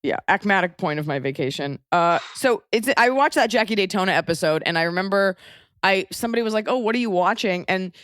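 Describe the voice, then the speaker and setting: A woman with an American accent hosting a podcast, chatting casually and quick to joke. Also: medium pitch, expressive, fairly bright tone, no room sound, studio quality. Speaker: podcast host. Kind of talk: casual interview chat.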